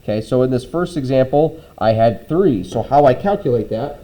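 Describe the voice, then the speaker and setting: Mellow-voiced male teacher giving lab instructions. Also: medium pitch, expressive, moderate pace, low-quality recording. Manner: conversational, frequent "okay?" check-ins and "um" fillers.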